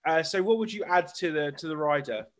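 A man's voice: on the high side, brisk, a bit bright. A man hosting a podcast, joking and laughing often with sarcastic asides. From Australia. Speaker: podcast host. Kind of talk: casual podcast interview.

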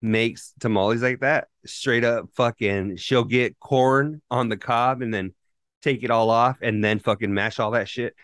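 A man's voice: mid-range voice, fairly even intonation, measured pace, fairly bright tone, no echo. Man co-hosting, rambling and swearing freely. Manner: loose, profanity-heavy storytelling with rambling restarts. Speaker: podcast co-host. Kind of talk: casual chat.

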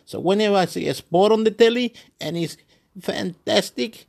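A man from Chile, a native Spanish speaker living in Australia, rambles excitably and profanely in a monologue, repeating words and bursting into chants. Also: sits high, normal speed, creaky. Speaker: vlogger. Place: Wollongong, Australia.

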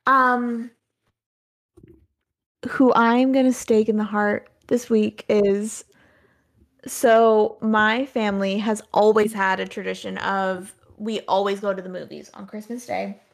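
Gravelly-voiced young woman telling a story. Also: medium pitch, little pitch movement, slow pace. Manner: rambling, heavy on "like". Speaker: podcast guest. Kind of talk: casual storytelling.

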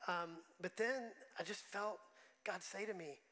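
A man's voice: high voice, a little slow, sharp tone, low-quality recording. A man preaching a sermon as pastor, talking conversationally and emotionally, often restarting his words.

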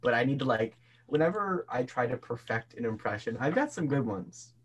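Husky young man, playful and rambly. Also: mid-range voice, animated, fairly quick, muffled recording. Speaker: podcast guest. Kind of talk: casual podcast chat.

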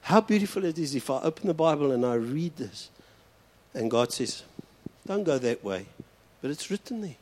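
Male pastor, earnest preacher, leans on slow repeated phrases. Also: fairly high pitch, big pitch swings, a little mellow, slight background noise. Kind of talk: sermon. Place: church hall.

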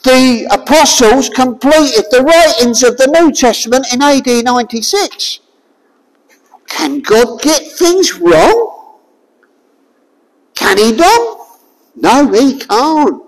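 A preacher delivering a sermon, firing rhetorical questions at the listeners and raising the voice to a shout at times. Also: high-pitched, expressive, slow, pauses often. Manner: forceful, raises voice to a shout at times. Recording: long hall reverb.

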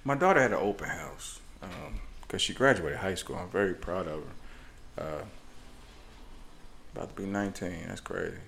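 A man's voice: sits low, normal speed, vocal fry, long pauses, fairly bright tone, a little hiss or hum. A man in his forties telling rambling stories on a podcast, acting out the people in them. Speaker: podcast co-host. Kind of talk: casual storytelling chat.

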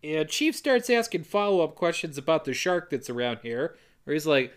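A man co-hosting a podcast, retelling a movie scene by scene in casual chat and briskly quoting the characters. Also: a little high, very animated, clean tone. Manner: brisk storyteller quoting characters in quick voices. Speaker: podcast co-host.

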